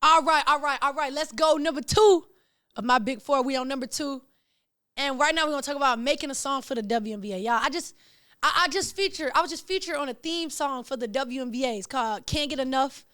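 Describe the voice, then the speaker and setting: Young woman host, high-pitched, slangy and excitable, dry close sound. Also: fast talker, clean tone, no echo. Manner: excitable, slangy, animated storytelling. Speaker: podcast host. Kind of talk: casual storytelling to camera.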